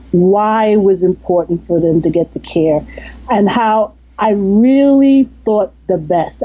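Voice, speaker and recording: Her voice sits in the mid range with a slightly rough texture, and the recording is dull. She's a hypnotist and ex-nurse chatting as an interview guest, sharing sincere, kindly stories and often restarting her sentences amid laughter.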